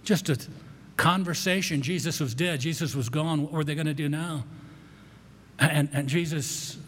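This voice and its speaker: A man delivers a sermon in an easygoing, conversational way, often restarting words and breaking into asides. His voice sits a little high for a man. The sound carries the long reverb of a church sanctuary. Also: normal speed, husky. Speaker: pastor.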